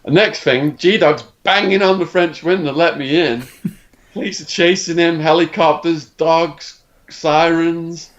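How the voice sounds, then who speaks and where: A man's voice: on the high side, slow, muffled recording. A middle-aged English man, a podcast guest, telling a dramatic story and acting out other people's lines. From England. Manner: animated storyteller acting out quotes. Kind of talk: storytelling interview.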